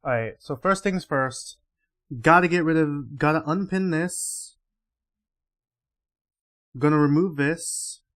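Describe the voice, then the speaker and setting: A man's voice: on the high side, slow, long pauses, fairly bright tone. Rambling gaming streamer man. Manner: loose, rambling, swears casually. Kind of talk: casual live gameplay commentary.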